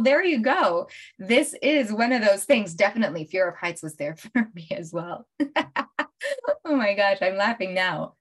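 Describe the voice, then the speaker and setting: A middle-aged woman coach talking casually on a livestream, animated and often laughing as she tells stories to viewers. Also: medium pitch. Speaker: life coach hosting a livestream. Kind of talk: casual live-stream talk to viewers.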